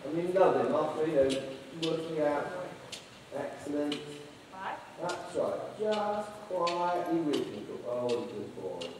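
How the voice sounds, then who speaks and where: A man's voice: on the high side, lively intonation, slow pace, background noise. A man coaching a dressage lesson in an indoor arena, encouraging and teasing the rider with constant praise. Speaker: riding instructor. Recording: echoey arena, voice from far off.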